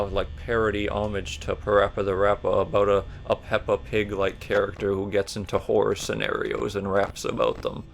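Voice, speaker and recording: A man doing casual gameplay commentary, rambling and jokey, a bit burpy as he talks, jumping to loud high yelps when startled. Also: creaky, a little hiss or hum. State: burpy while talking. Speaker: let's player.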